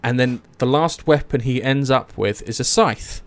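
A young man casually retelling myths, animated, swearing and acting out the characters' lines. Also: mid-range voice, moderate pace. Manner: animated storytelling, swears, acts out quotes. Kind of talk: casual chat.

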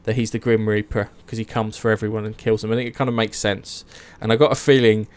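A young man casually retelling myths, animated, swearing and acting out the characters' lines. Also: on the low side, fast, clean tone. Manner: animated storytelling, swears, acts out quotes. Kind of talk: casual chat.

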